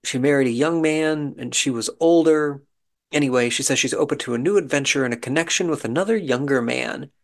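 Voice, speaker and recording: Man, podcast host, casual recap commentary, wry and musing, gravelly, mid pitch. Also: brisk. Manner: wry, musing, chatty asides.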